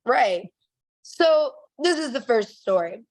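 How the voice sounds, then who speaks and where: A young adult woman telling a story on a podcast in a casual, animated way, laughing often and acting out the people she quotes. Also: fairly high pitch, slow pace. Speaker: podcast guest.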